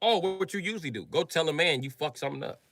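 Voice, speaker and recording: Loud, brassy male streamer ranting. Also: on the high side, very fast, no echo. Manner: loud, profane, animated, often shouting. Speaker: live streamer. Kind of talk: comedic live stream rant.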